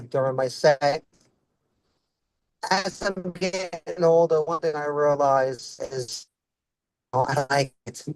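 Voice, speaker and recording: A man's voice: a little high, no echo. An Italian-American comedian doing a rambling stand-up set while driving, recorded inside his car. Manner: rambling, asks himself "what else is going on".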